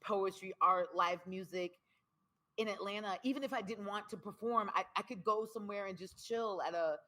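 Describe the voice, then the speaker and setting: A woman guest, a spoken word poet, talking candidly in an interview, expressive and emphatic, repeating phrases for rhythm. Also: mid-range voice, moderate pace.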